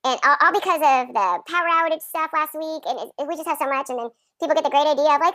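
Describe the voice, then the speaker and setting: A woman's voice: sits high, quick pace, hardly any pauses, sharp tone, no room sound, studio quality. A woman in her thirties co-hosting a casual podcast, chatty, often laughing and acting out quotes. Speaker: podcast co-host. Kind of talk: casual chat recapping a sitcom episode.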